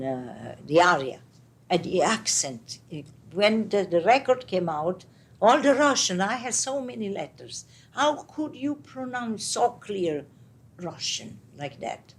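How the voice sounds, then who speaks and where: An older woman with an Italian accent, speaking as an interview guest in a casual, animated way, with halting English and many restarts. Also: on the low side, slight background noise. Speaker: interviewee, retired opera singer. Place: home apartment.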